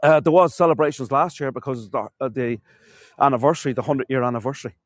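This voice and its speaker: A man's voice: medium pitch, quick pace, no echo. Chatty Irish tour guide man. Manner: chatty storyteller, addresses viewers as folks. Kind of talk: live walking-tour stream. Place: castle courtyard outdoors.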